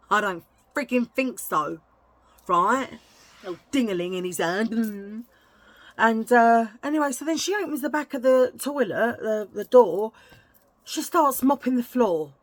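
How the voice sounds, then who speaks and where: A woman's voice: a little high, a bit bright, no echo. A woman telling a casual story to her vlog viewers, chatty and indignant, often adding "right?". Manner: chatty, indignant, tag questions. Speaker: vlogger.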